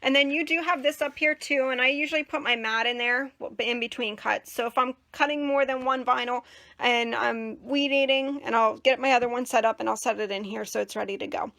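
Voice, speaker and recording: A young woman hosting a casual crafting tutorial, chatty and rambling with many fillers, and a bit hoarse as she is losing her voice. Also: fairly high pitch, fairly quick, pushed and bright. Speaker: crafting channel host.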